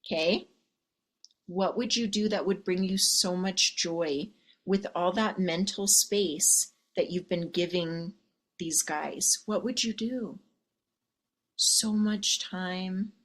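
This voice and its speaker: A woman's voice: mid-range voice, fairly bright tone. A woman coach giving a sassy, teasing live pep talk to her viewers, swearing freely and checking in with "okay?". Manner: sassy, teasing, profane, keeps asking "okay?". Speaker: love and life coach.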